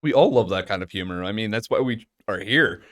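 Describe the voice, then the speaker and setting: Blunt man with a low voice. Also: expressive, a little fast, fairly bright tone, dry recording, clean studio sound. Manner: blunt and frank, swears freely. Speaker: podcast co-host. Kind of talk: casual chat.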